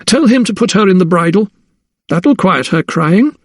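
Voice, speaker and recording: A man playing a cruel Georgian mistress of the house, high-pitched and icy, snapping commands in a dry audiobook read. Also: lively intonation, moderate pace, no echo, lightly acted. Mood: cold fury. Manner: cold, snapping and imperious.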